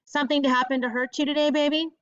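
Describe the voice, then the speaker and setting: A woman voicing a warm, folksy elderly grandmother who talks in a gentle, comforting drawl. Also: high-pitched, flat delivery, rapid-fire, no echo, pitched above the performer's own voice. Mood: tender. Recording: dull lo-fi audiobook recording.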